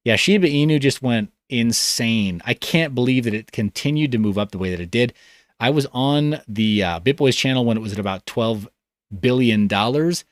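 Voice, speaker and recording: A man's voice: medium pitch, moderate pace, no room sound, studio quality. A man hosting a livestream, reading comments in a loose, rambling way with a tired voice. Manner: rambling, loose, self-interrupting. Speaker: livestream host.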